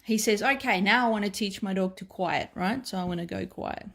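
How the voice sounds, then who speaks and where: A woman's voice: medium pitch, brisk, vocal fry, fairly bright tone. An Australian woman working as a dog trainer, explaining at a whiteboard in a casual, chatty way and often checking in with "right?" and "okay".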